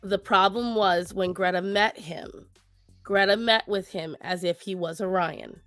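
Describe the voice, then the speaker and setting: A woman's voice: medium pitch, measured pace, no echo, soft background music. Woman co-host giving advice to viewers. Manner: animated, gives advice to viewers. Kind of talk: casual chat.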